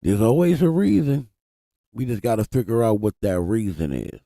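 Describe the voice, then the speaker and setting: Hosting a live stream, a man with a gravelly voice on the low side talks at normal speed. His casual, profane banter is animated and aimed right at his chat, recorded on a desk mic at studio quality without room sound.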